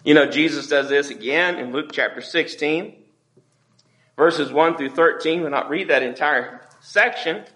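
A man's voice: fairly high pitch, unhurried, fairly bright tone. A man preaching as a pastor in a church, talking in a conversational way and acting out the voices he quotes. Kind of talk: sermon.

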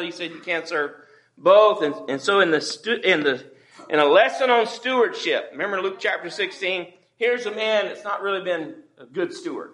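A man's voice: sits high, animated, moderate pace, fairly bright tone. A man preaching as a pastor in a church, talking in a conversational way and acting out the voices he quotes. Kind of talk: sermon.

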